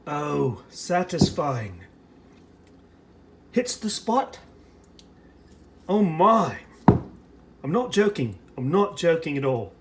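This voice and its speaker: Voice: medium pitch, big pitch swings, takes it slowly, long pauses, a little hiss or hum. An American reviewer in a put-on British accent, giving a chatty running commentary while preparing and tasting ration food in a casual food vlog. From United States.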